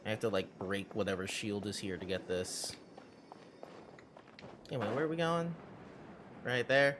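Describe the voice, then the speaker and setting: A man's voice: on the low side, animated, moderate pace, background noise. A man streaming a video game, chatting casually and laughing often. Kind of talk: casual gameplay commentary. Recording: game music under the voice. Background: game music.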